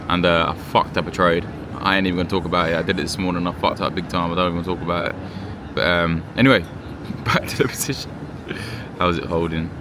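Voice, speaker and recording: A man from the UK, a gold trader and trading mentor, talking casually to camera in an excitable, slangy way and swearing freely. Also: deep voice. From United Kingdom. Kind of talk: casual vlog talk to camera. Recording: noisy background.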